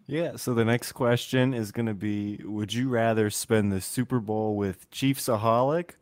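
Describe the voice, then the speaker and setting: A man co-hosting a casual sports podcast, delivering dry jokes in a deadpan way. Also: lowish voice, normal speed, no room sound. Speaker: podcast co-host.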